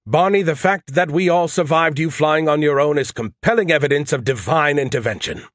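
A man's voice: on the high side, brisk, a bit bright, dry recording, clean studio sound, pitched above the performer's own voice, lightly acted. A man voicing a smug, sarcastic male ship AI with a mocking, theatrical delivery.

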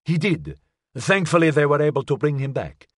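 A man's voice: on the high side, sing-song, normal speed, dry recording, studio quality. A man reading an audiobook, voicing a slick, condescending male official who coolly needles the woman he questions. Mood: needling.

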